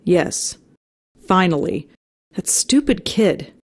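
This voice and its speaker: A woman's voice: fairly low pitch, big pitch swings, slow pace, husky, dry recording, studio quality, full character voice. A sarcastic, prickly young woman. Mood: irritated. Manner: sarcastic, curt.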